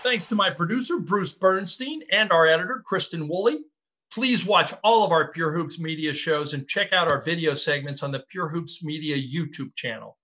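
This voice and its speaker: A man's voice: on the high side, normal speed, sharp tone. A male podcast host giving an upbeat, wry sign-off and credits. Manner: upbeat, wry closing remarks. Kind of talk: show sign-off.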